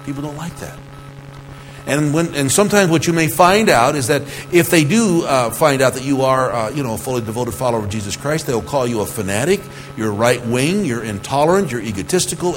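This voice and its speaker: Man preaching in church, keeps repeating stuff, big echo tail and soft music under it. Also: mid-range voice. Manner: earnest preaching, with repeated phrases and rhetorical questions. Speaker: pastor. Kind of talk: sermon.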